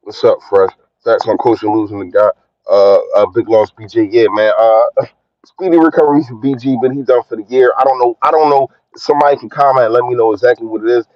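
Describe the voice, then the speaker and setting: A man's voice: medium pitch, fairly even intonation, brisk, no room sound, dull audio. A man hosting a fan livestream, ranting in a heated, emphatic way and repeating his points. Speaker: fan channel host.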